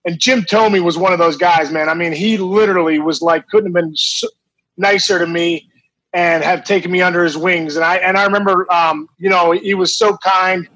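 A middle-aged man with a high, husky voice tells a story casually, full of restarts and laughter. He sounds lively and animated as he goes. The recording is dry and close. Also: moderate pace, no echo, rough recording. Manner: animated, laughing anecdote teller with many restarts. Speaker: former ballplayer guest.

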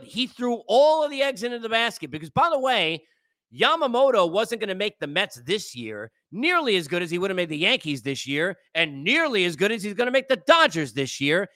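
A man rants through sports commentary in a high, sharp, forceful voice, lecturing his listeners with exasperation. The sound is dry and close, with no room around it. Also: no room sound. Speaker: sports podcast host.

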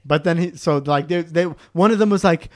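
A young man casually telling a story on a podcast, animated and full of "like", acting out the voices. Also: fairly high pitch, a little fast. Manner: animated, acts out voices, lots of "like".

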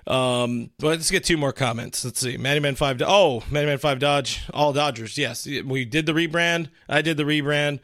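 A man's voice: on the high side, fairly even intonation, moderate pace, hardly any pauses, fairly bright tone, no echo, studio quality. A man hosting a casual live stream, reading chat comments aloud and rambling through them with frequent restarts. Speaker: livestream host.

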